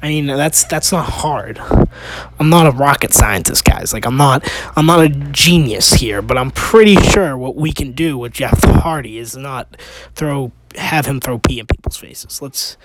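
A man's voice: mid-range voice, measured pace, heavy background noise. A man hosting a casual opinion podcast, rambling with restarts and rhetorical questions, sounding exasperated. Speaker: podcast host.

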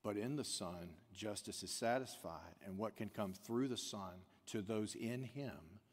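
Male pastor, sermon delivery, rhetorical questions, loud-to-hushed swings, unhurried, reverberant sanctuary sound. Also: fairly low pitch. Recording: long hall reverb.

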